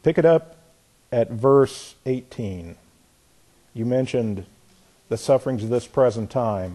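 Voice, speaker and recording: A man preaching a sermon, questioning the congregation and reading scripture aloud, building from soft to emphatic. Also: medium pitch, animated, slow pace, pauses often, breathy edge. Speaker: pastor.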